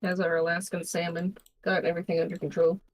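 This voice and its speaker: A woman's voice: fairly low pitch, little pitch movement, quick pace, a little hiss or hum, rough recording. A young woman streamer playing a tabletop game, bantering in a teasing, casual way. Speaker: player and streamer.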